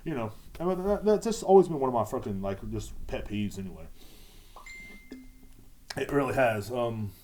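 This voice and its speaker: A man's voice: medium pitch, expressive, normal speed, pauses often, mellow. A man hosting a podcast, rambling casually with lots of profanity and repetition. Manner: profane, repetitive, laid-back. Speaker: podcast host.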